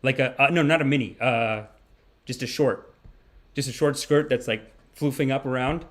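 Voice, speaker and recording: A man hosting a comedy podcast, riffing in an animated, rambling monologue. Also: mid-range voice, moderate pace. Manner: animated, rambling, swings between voices. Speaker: podcast host.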